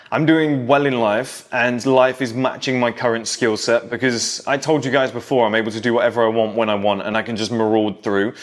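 Speaking directly to the camera, a man in his thirties with a mid-range voice delivers a relaxed, nostalgic vlog monologue. He talks to younger viewers head-on, remembering his own childhood in a somewhat lecturing way.

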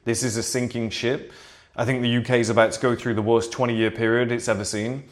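A man sits at home and talks loosely into his own camera. He rambles, swears easily and slides into a confident sales pitch, in a voice of middling pitch. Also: level tone, brisk. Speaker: vlogger. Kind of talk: casual to-camera vlog. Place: seated at home in a flat. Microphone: camera in front of him.

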